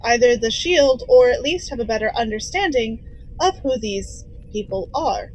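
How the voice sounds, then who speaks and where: A woman playing an earnest golden android officer in a tabletop game, halting and thinking aloud. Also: fairly high pitch, expressive, darkish tone, low-quality recording. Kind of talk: tabletop role-play in character.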